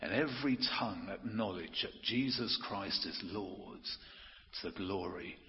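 A man preaching an earnest, emphatic sermon, slowing down to stress key phrases. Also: deep voice, a little hiss or hum. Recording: muffled audio with long hall reverb.

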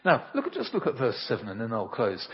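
Husky preacher in a reverberant hall. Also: male voice, medium pitch, huge pitch swings, quick pace. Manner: earnest and emphatic, tells homely anecdotes. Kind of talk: sermon. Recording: reverberant hall, dull lo-fi sound.

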